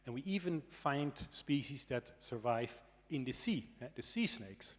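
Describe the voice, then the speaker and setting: Unhurried and mid-range, his voice has lively intonation as he delivers a conversational lecture on snakes to students. The man is a snake expert speaking at a conference, regularly engaging listeners with tag questions and dry asides in a dryly humorous way. A long hall reverb colors the recording.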